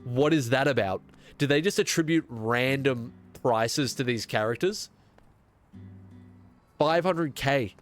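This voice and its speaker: Congested young guy gaming on stream, sarcastic, mid pitch, bit of quiet guitar music behind. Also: slow, long pauses. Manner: chatty, sarcastic, mock-outraged asides to chat. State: congested, sick. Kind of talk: casual gaming stream chat.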